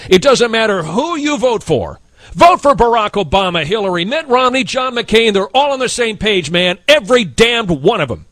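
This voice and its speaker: A man's voice: high voice, sing-song, normal speed, fairly bright tone, no room sound. A man hosting a talk radio show, ranting in a blunt, emphatic and indignant way from a radio studio. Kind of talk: heated talk radio rant.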